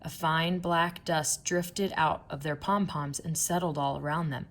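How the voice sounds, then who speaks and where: A woman narrating a children's book in a playful, expressive storytelling manner. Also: low-pitched, measured pace. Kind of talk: children's audiobook reading.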